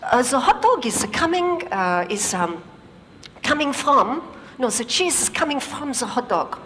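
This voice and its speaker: A woman's voice: mid-range voice, fairly bright tone, in a large hall, a little hiss or hum, close to an everyday voice. A woman playing a male French engineer who hesitates and stumbles over simple English, with many fillers. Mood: hesitant. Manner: hesitant, halting, full of fillers.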